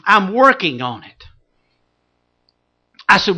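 A pastor preaching a sermon, telling a story with dramatic swings from loud to hushed. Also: male voice, sits high, very animated, takes it slowly, long pauses, breathy edge, muffled recording.

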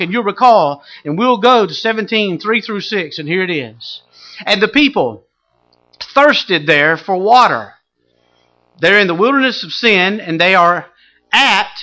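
Animated, high-voiced preacher man. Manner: animated preaching, swinging between loud exclamations and hushed asides. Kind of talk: sermon.

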